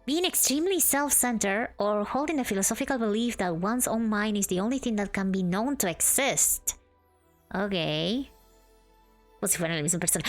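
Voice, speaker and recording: Bubbly young woman streamer chatting. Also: medium pitch. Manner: bubbly, greets chat warmly. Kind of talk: casual chat while gaming.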